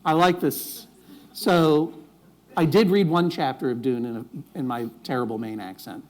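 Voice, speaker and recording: A man's voice: on the high side, steady tone, normal speed, darkish tone. A man speaking on stage before a live audience, wry and rambling, often restarting his sentences. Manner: rambling, self-interrupting, wry jokes.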